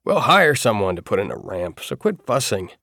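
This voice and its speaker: A grouchy old man, clipped and wry, talks in a low, plain register, as a man reads him in a storybook. The sound is close and dry. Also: very animated, normal speed, pushed and bright, no room sound, heavily acted. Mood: gruff, wry. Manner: curt, wry.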